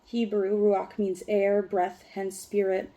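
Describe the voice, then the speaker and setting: A woman vlogger who reads a text aloud haltingly and breaks off into rambling, profane talk. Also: medium pitch, completely flat delivery, warm tone. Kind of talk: reading aloud and casual ranting.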